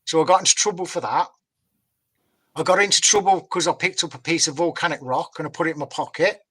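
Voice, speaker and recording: English man, rambling anecdote teller, bright slightly high voice. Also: fast, breathy edge. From England. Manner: rambling, laughs at his own story. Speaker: guest storyteller. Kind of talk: casual storytelling on a live call.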